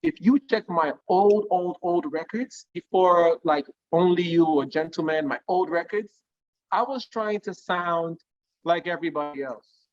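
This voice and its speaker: A man, a guest singer giving career advice in a conversational interview, explaining lively through analogies and often checking with his listener. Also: a little high, measured pace, lo-fi sound. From Nigeria.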